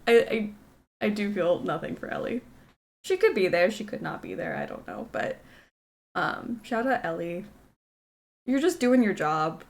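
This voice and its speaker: A woman streamer raised in Kentucky and Texas chats with her viewers while she plays, excitable and quick to giggle. Her voice sits in an ordinary middle register, casual and animated with enthusiasm. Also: medium pitch. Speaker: game streamer. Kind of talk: casual chat while playing a game.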